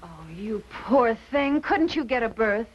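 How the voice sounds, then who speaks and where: A young actress playing a gentle, concerned wife, soft-spoken, in 1950s film acting. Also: female voice, a little high, animated, measured pace. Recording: dull old film soundtrack, faint hiss.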